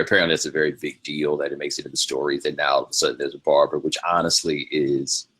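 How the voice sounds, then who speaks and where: Male host, very low but bright, forward voice; loose, digressive storyteller. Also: breathy edge. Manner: rambling, loose, laughing, slangy. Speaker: podcast host. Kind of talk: casual storytelling monologue.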